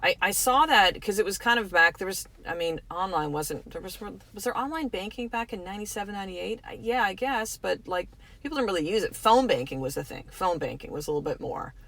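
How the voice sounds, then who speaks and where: A woman's voice: mid-range voice, expressive, brisk, fairly bright tone. A middle-aged woman from Canada hosts a motivational podcast. She talks frankly and with emphasis, swears freely, and speaks straight to her listeners. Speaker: podcast host.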